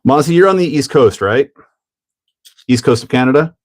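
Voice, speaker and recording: A man's voice: mid-range voice, lively intonation, moderate pace. A man hosting a hobby livestream in casual chat, joking, laughing often and answering chat as he builds a kit.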